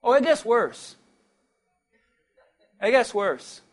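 A male pastor preaching a sermon, animated, with call-and-response, swinging from quiet asides to shouts. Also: extremely high pitch, slow.

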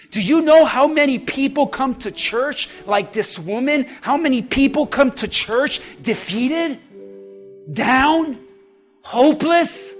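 A man preaching a sermon as pastor, fervent and exhorting his congregation. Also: very high voice.

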